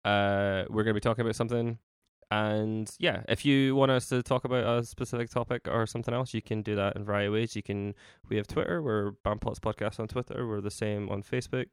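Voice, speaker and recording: A man co-hosting a casual podcast in a fairly low, smooth, clear voice. He steers the conversation with frequent uh and um fillers. The sound is dry and close, from a computer mic. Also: brisk, few pauses, no echo. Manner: steady, organizing, with many uh and um fillers. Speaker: podcast co-host. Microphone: computer mic on a Skype call.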